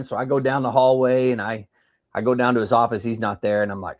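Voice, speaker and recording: A man telling service stories in a casual chat, animated and often laughing. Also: medium pitch, quick pace. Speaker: military veteran guest.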